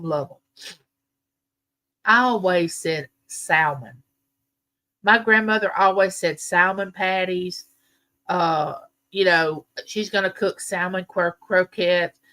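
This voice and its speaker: A woman's voice: medium pitch, a little slow, fairly bright tone. A woman from the American South with a Southern US accent, hosting a casual live chat and telling rambling stories to her viewers. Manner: chatty, rambling storyteller. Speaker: livestream host.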